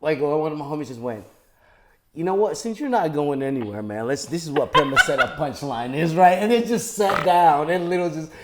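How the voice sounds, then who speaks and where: A man, a comedian chatting as a podcast guest, animated and acting out his friends' voices. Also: fairly high pitch, fairly quick. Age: 40s. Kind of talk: casual podcast chat.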